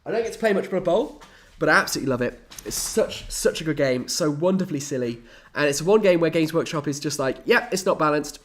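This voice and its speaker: A man's voice: on the high side, expressive, fast talker, a bit bright. A young man chats his way through a live stream, his voice swinging up and down a lot. He talks in a light, slightly raised register, playfully dramatic and chatty throughout. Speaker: hobby streamer. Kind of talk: casual live-stream chat.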